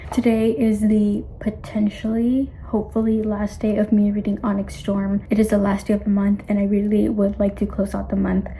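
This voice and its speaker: A young woman chatting casually in a reading vlog, gushing as a fan and often dropping to a hushed, whispery voice. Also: mid-range voice, slight background noise, poor audio. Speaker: book vlogger.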